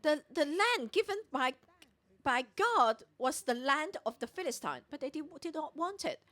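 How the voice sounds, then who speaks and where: A woman's voice: high-pitched, very animated, normal speed, a bit bright. A woman preaching at a morning prayer meeting, explaining a Bible passage verse by verse and acting out the characters' lines. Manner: retells scripture with voiced dialogue. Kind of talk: Bible teaching sermon.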